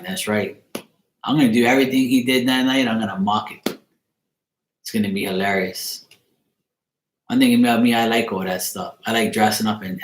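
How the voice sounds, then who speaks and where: A man's voice: fairly low pitch, slight background noise. Teasing man in an echoey room. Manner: teasing, joking with viewers. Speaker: tarot reader and streamer host. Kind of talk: casual livestream chat. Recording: roomy echo.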